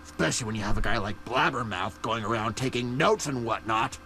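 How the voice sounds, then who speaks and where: A man's voice: mid-range voice, a little fast, natural voice. An actor playing a paranoid, aging male caped vigilante in a video game, who talks in conspiratorial asides.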